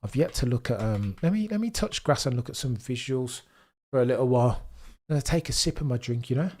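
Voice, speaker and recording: A lively, fast-talking man with a medium-pitched, slightly mellow voice hosts a casual live watchalong. He has a mild Brummie accent from the Birmingham area of England, and he chats with viewers, reads their comments out loud and throws in wry asides.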